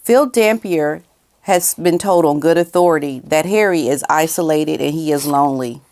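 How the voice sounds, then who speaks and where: A woman's voice: low voice, moderate pace, a little mellow. A woman giving casual opinion commentary on her vlog, emphatic and repeating her key phrases, sometimes talking aside to someone off camera. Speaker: commentary vlogger.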